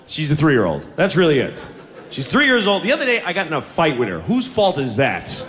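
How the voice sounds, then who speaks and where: A man in his forties doing stand-up comedy, with animated, profane storytelling full of exasperated self-mockery. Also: on the high side, a little fast. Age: 40s. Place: stage before a laughing audience. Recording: noisy live recording with audience laughter.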